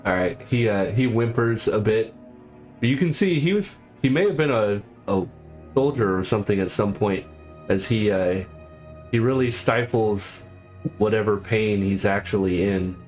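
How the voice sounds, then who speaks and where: A man running a tabletop game as game master, narrating in a halting way with frequent fillers. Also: on the low side, lively intonation, darkish tone, faint music behind.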